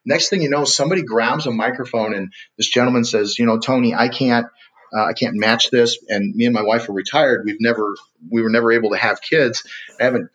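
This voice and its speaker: A man, a podcast guest, telling a story with lively acted-out quotes. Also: medium pitch, low-quality recording. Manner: animated storyteller acting out quotes.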